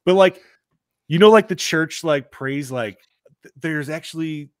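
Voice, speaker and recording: A podcast co-host with a fairly high, clear, resonant voice speaks at a measured pace, recorded in studio quality with no echo. He's an animated storyteller in a casual chat, swearing a lot, saying "dude," and acting out the characters' lines.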